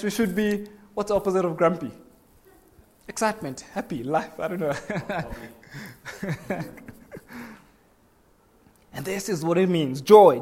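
A man preaching a sermon to a congregation in a conversational way, asking them questions and acting out bits of everyday talk. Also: high voice. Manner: conversational, asks the congregation questions, acts out little voices.

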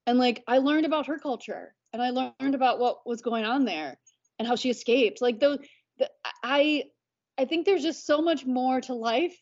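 A woman's voice: high-pitched, moderate pace, a little mellow. A woman, chatting as a podcast guest and filling her talk with "like". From United States. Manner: chatty, many "like" fillers. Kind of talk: casual conversation. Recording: dull lo-fi audio.

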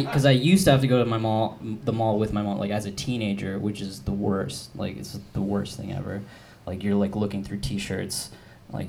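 A man in his twenties performs a rambling, self-deprecating stand-up set on a comedy club stage, packed with "like" and restarts. His voice is lowish, creaky and a little mellow. The live club recording is noisy, with audience laughter behind him.

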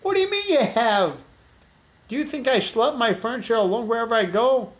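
A man's voice: very high voice, animated, brisk, a bit bright, voice pushed up. A man voicing a poor, exasperated male villager who complains in incredulous questions.

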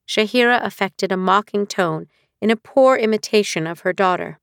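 A woman narrating a novel as an audiobook reader with a measured, even storytelling delivery on a close studio mic. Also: mid-range voice, creaky, clear, resonant tone, no echo. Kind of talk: scripted narration.

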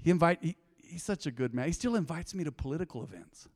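A man preaching a sermon as pastor, conversational and lively, with sudden loud bursts and quiet drops. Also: a little high, fast talker, long reverb tail.

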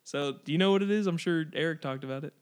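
A man's voice: fairly high pitch, racing, clean tone. A man co-hosting a podcast, casually telling stories and acting out what people said. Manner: storytelling, acts out quotes, swears casually. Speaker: podcast co-host. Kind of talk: casual chat.

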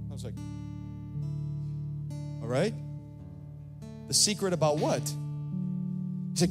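A man delivers a sermon with animated energy, circling back over words as he presses his point. His voice sits fairly high for a man. Loud guitar music plays underneath throughout. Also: a little slow, pauses often. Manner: animated preaching, rising and falling, repeats words. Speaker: pastor.

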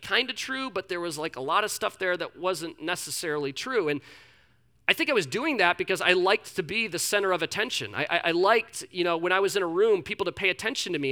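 Young male pastor, high bright voice, candid sermon storytelling. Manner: candid, self-deprecating storytelling with many restarts.

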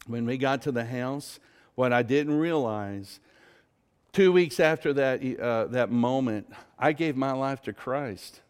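A man's voice: mid-range voice, slow, darkish tone, smooth, in a large hall. A man preaching, telling an emotional story of his own conversion and acting out the dialogue. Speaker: pastor. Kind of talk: sermon testimony.

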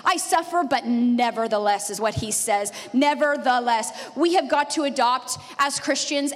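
A woman in her thirties preaching a sermon as a pastor, a lively storyteller who laughs often. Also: high voice. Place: church sanctuary. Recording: long reverb of a church hall.

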